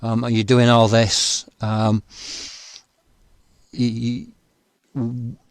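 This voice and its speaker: A man hosts an interview, talking in a halting, stop-start way. His voice is recorded dry and close, and his pitch is ordinary for a man. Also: flat delivery, clean tone, dry recording. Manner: halting, many restarts and fillers. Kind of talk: conversational interview.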